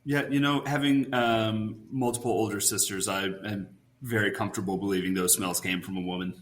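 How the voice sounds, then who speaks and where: Self-deprecating man guest, mid pitch. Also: fairly even intonation, brisk. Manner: self-deprecating, hesitant with fillers. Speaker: podcast guest. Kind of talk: casual chat.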